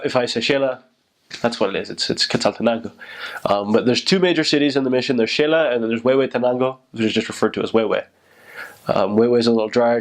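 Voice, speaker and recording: A young man, a returned missionary, describing his mission area in a rambling, self-correcting way. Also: mid-range voice. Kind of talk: casual recollection.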